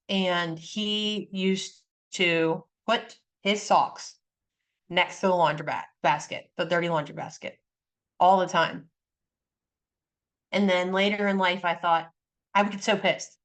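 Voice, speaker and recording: A woman's voice: on the low side, fairly even intonation, a little slow, fairly bright tone. Earnest woman telling a personal story. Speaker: guest. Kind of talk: casual conversation.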